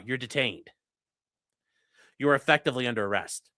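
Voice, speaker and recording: A bright, sharp-toned streamer talks through the law in a loose, profane way, reacting to chat with scorn. The pitch jumps around, punchy one moment and muttered the next. The sound is close and dry. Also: normal speed, dry recording. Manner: blunt, profane and mocking; animated, swinging between loud outbursts and muttering. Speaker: legal commentary streamer reading chat. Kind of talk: casual livestream commentary.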